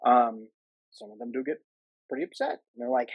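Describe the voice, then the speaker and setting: A man's voice: medium pitch, lively intonation, brisk, gravelly, breathy edge, no echo, highs cut off. A man speaking as a guest coach on attachment in a casual interview over a livestream video call, talking earnestly with many restarts. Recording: choppy livestream audio.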